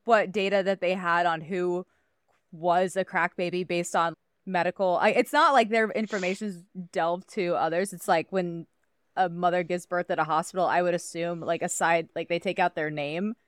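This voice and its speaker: A woman's voice: fairly low pitch, steady tone, normal speed, smooth, dry recording, studio quality. Rambling, swearing woman podcast co-host. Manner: rambling, loose, swears and laughs often. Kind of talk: casual chat.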